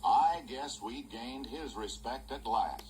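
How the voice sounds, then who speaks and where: A man's voice: medium pitch, animated, slow, very noisy. A man voicing a folksy old male mouse who narrates a cartoon special in a homespun storytelling way. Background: loud music score.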